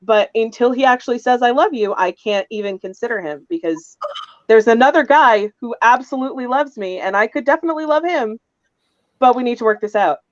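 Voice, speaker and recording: A woman's voice: fairly high pitch, lively intonation, brisk, dry recording, highs cut off. A woman on a roundtable panel, telling a rambling, chatty story about her tabletop game.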